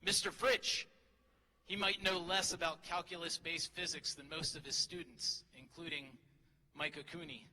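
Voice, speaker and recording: A middle-aged teacher gives a humorous graduation speech from a podium microphone in a large hall, full of teasing and self-deprecating jokes. His fairly high voice is bright and forceful, steady in tone, at normal speed. The recording has hall reverb and faint crowd ambience.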